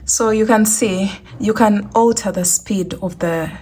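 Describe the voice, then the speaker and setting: A woman's voice: mid-range voice, unhurried, darkish tone, husky. A woman hosting a crochet tutorial, talking casually and walking through each step, often repeating herself. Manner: chatty, repeats instructions.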